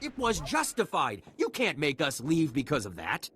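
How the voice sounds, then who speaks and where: A stubborn settler in a video game, firm and defensive. His speech rises and falls in a lively way as he stands his ground. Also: on the high side, normal speed, slight background noise. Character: stubborn male settler guarding his land claim.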